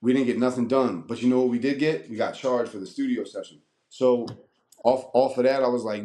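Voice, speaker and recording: A man's voice: medium pitch, brisk. Profane storytelling man from Maryland. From Annapolis, Maryland, USA. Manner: profane, animated, acts out quoted voices. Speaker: guest rapper. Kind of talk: casual storytelling interview.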